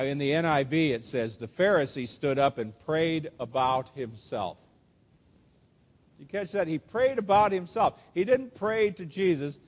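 A man's voice: on the high side, a little mellow. Earnest male preacher in an echoing church. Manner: earnest, emphatic preaching with slow, stressed quotations. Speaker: pastor. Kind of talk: sermon. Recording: long hall reverb.

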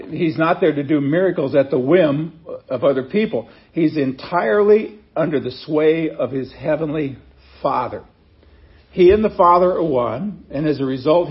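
Chatty male preacher, slightly high voice. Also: muffled recording. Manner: conversational, reads scripture then explains it with asides. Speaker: pastor. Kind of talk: sermon.

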